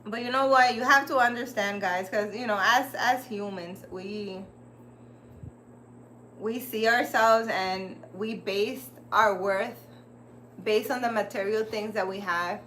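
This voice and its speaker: A woman's voice: mid-range voice, unhurried, sharp tone, slight background noise. A woman hosting a casual livestream, rambling and chatty as she talks straight to her viewers. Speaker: livestream host.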